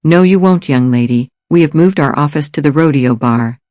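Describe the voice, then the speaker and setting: A man's voice: on the high side, moderate pace, darkish tone, no echo, studio quality, lightly acted. A man voicing a cheerful, joking male deputy sheriff, teasing and bantering.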